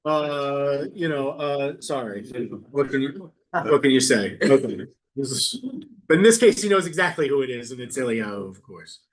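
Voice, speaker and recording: A man leading a Bible study as rabbi, reading verses aloud and riffing on them with quick jokes. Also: mid-range voice, lively intonation. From New York. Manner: playful, quick asides, reads verses then riffs. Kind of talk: casual text study, reading aloud and joking.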